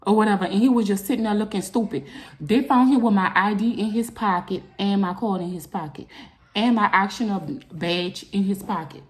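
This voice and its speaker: A young woman vlogger, telling a personal story in a casual storytime video, animated and jumping into loud high bursts when upset. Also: fairly quick.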